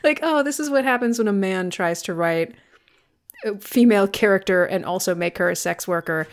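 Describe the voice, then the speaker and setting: A woman co-hosting a podcast, recapping a film in casual chat with sarcastic, animated storytelling and plenty of swearing. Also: medium pitch, moderate pace. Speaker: podcast co-host.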